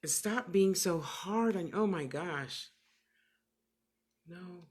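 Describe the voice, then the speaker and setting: Animated sassy woman giving livestream readings. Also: on the low side, slow pace, long pauses. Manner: animated, emphatic, sassy and motherly; repeats phrases for emphasis. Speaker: clairvoyant medium.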